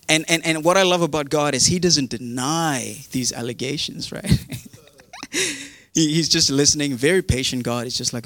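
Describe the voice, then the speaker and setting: A man preaching a sermon in an animated, conversational way, often repeating words. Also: a little high, normal speed, no echo. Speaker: pastor.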